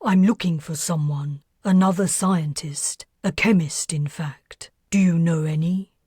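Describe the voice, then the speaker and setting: Earnest young starship woman, read by a woman narrator; low, mellow, husky. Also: measured pace, no echo, studio quality. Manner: pleading and apologetic. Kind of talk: audiobook character voice.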